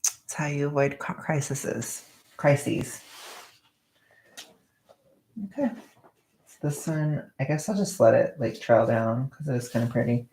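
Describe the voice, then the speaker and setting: A woman's voice: very deep voice, animated, normal speed, warm tone, slight background noise. A woman chatting casually on a livestream while wrapping gifts, rambling and joking at her own expense. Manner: rambling, self-mocking, joking. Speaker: vlogger livestreaming.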